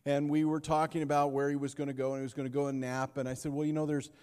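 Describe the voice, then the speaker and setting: Pastor preaching in a reverberant hall. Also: male voice, medium pitch, monotone, clear, resonant tone. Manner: storytelling with dramatic pauses and swings between loud and hushed. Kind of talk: sermon.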